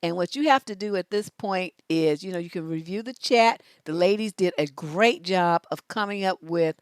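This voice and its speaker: A woman relationship coach talks to her viewers in a loose, sassy way, her voice sitting on the low side. The sound is dry and close with no room echo. She is animated and laughs easily as she gives advice. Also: moderate pace, clean tone. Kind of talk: casual live-stream advice talk.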